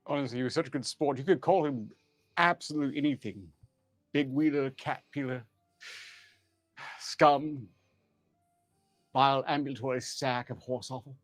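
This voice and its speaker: A man playing in a comedic tabletop role-play stream, delivering deadpan, dry one-liners. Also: medium pitch, moderate pace, pauses often, no echo, soft background music.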